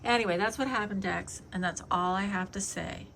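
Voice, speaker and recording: A woman, middle-aged, chatting casually to her cat and retelling a quarrel in lively quoted back-and-forth. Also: mid-range voice, moderate pace, vocal fry, slight background noise. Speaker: vlogger talking to her cat. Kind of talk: casual storytelling to a pet.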